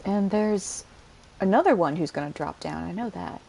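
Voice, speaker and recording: A woman's voice: medium pitch, animated, moderate pace, vocal fry, dark tone, a little hiss or hum, rough recording. A woman casually commenting on her gameplay, chatty and jokey, with the occasional curse. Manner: chatty, joking, swears. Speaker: gamer.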